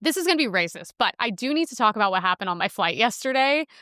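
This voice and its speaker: A woman's voice: medium pitch, sing-song, fast talker, bright, forceful tone, no echo, clean studio sound. A young woman hosting a podcast in a casual, blunt monologue, full of filler words and crude asides. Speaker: podcast host.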